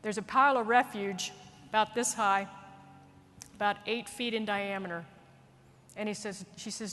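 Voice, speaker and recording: A woman military leader telling a story in an earnest, animated way, speaking at a conference. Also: mid-range voice, moderate pace. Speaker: military leader giving a speech. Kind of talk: storytelling speech. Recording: long reverb of a large hall.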